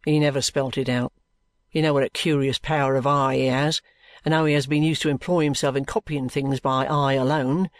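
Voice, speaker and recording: A reader voicing a sulky, gruff young man who answers in curt, grumbling sentences. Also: mid-range voice, fairly even intonation, fairly quick, no room sound, clean studio sound, natural voice.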